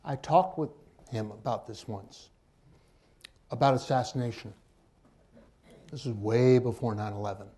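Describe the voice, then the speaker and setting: A man's voice: medium pitch, a little slow, long pauses, mellow. A man on a panel making emphatic points with rhetorical questions and wry asides. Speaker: author and journalist on a panel. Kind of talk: panel discussion.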